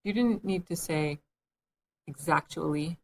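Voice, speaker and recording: A woman's voice: deep voice, measured pace, darkish tone. A woman reading the part of a scatterbrained, anxious old queen in a storybook, fussy and pleading in manner.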